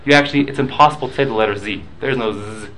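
A man at an ordinary middle pitch leads a relaxed study class. He works through a text in a conversational way, slipping in Hebrew and Aramaic study terms as he goes and checking in with his listeners. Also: racing, slight background noise, low-quality recording. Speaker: Talmud class teacher. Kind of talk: casual study-class lecture.

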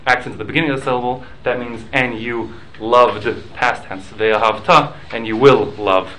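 A man at an ordinary middle pitch leads a relaxed study class. He works through a text in a conversational way, slipping in Hebrew and Aramaic study terms as he goes and checking in with his listeners. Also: normal speed, a little hiss or hum, poor audio. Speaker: Talmud class teacher. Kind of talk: casual study-class lecture.

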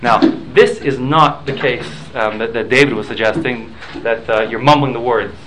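A man's voice: mid-range voice, steady tone, moderate pace, noisy background. A man leading a casual study class, explaining points patiently, mixing in Hebrew and Aramaic study terms and checking in with listeners. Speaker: Talmud class teacher.

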